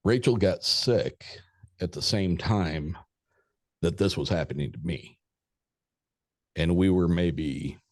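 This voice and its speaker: Middle-aged man, very low voice, dry close sound, rambling and profane storyteller. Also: a little mellow, no room sound. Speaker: podcast guest. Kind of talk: casual storytelling.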